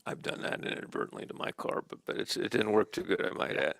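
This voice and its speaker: A man's voice: low-pitched, big pitch swings, fast talker, creaky, fairly bright tone, dry recording. A man hosting a local sports talk show, interviewing a young wrestler in a chatty, jokey way. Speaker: host.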